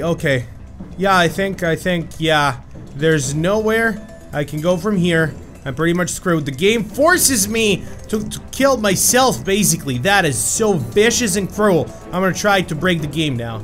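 A young man giving excited gameplay commentary, yelling at his character and then muttering to himself. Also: high-pitched, a little slow, faint music behind. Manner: loud, shouts at his game character; animated, swings from yelling to muttering. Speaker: gaming YouTuber.

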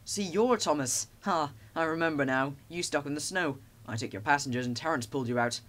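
A man's voice: a little high, brisk, a bit bright, lightly acted. A man voicing a friendly but boastful male bus who teases his rival in a storybook reading. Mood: teasing.

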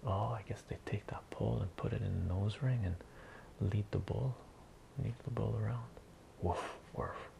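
A man reading a comic aloud in a soft, whispered ASMR style, adding his own sound effects. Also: fairly low pitch, normal speed, vocal fry, a little hiss or hum.

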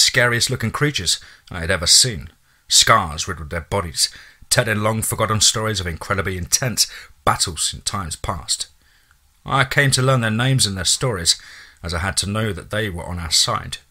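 A man narrating a first-person horror story in a casual, profane way, with a husky voice. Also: on the low side, normal speed, bright, forceful tone.

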